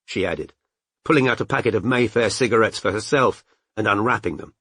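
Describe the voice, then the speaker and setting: A man's voice: lowish voice, fairly quick, fairly bright tone, slightly rough, no echo, clean studio sound. A man narrating an audiobook, reading expressively and doing character voices. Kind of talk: scripted narration.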